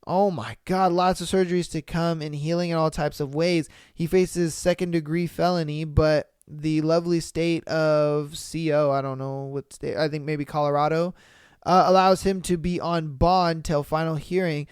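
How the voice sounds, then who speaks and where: Smooth-voiced podcast host, high and dry. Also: male voice, moderate pace, dry recording. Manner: animated, profane, exclaiming reactions. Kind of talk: reading stories aloud and reacting, casual podcast chat.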